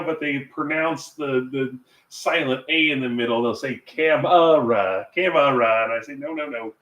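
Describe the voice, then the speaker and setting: A man's voice: medium pitch, a bit bright, recorded from a distance. An American man chatting casually while he cooks at home, rambling through asides and chuckling to himself. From United States. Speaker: cooking vlogger and English teacher. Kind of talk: casual cooking livestream chat. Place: home kitchen. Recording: echoey kitchen with faint ambient noise.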